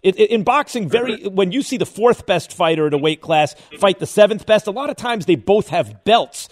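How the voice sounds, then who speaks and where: Probing, higher-voiced sports radio host man. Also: animated, normal speed. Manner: probing, thinks aloud with restarts.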